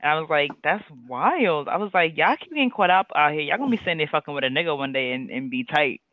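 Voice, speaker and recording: Casting: male podcast co-host, rambling storyteller, somewhat high voice, dry phone-quality sound. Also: lively intonation, fast talker, dry recording. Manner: rambling, laughing, acts out quotes. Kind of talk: casual storytelling chat. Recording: dry tinny phone-like line.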